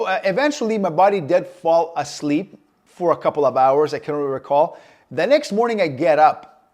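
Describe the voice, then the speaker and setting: A man telling a personal story to camera, in an anxious, vivid way with fillers and repeated phrases. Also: sits high. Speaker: vlogger.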